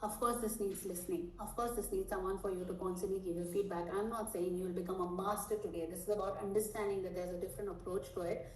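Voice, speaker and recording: A woman teaching a live online sales training, high-energy and animated, checking in with her audience often. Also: fast talker, hardly any pauses, a little hiss or hum. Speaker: sales coach. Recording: echoey room, mic at a distance.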